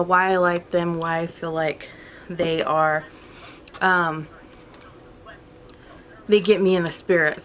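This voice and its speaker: A woman's voice: fairly low pitch, a bit bright, slight background noise. A woman talking casually to camera about her favorite movies, chatty and upbeat, full of ums and restarts, a little out of breath. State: a bit out of breath. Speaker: movie vlogger.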